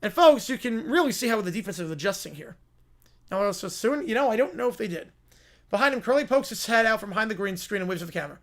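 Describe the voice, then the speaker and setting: A man's voice: high voice, animated, fast. Playful man hosting a sports livestream. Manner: laughing, playful. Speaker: livestream host. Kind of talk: live sports reaction and skit reading.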